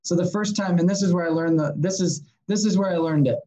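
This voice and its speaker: Fast and high-voiced, heard through dull audio, a sales consultant on a podcast spins casual stories for the interviewer. He's animated, swears a bit, and performs the dialogue of the people he's quoting.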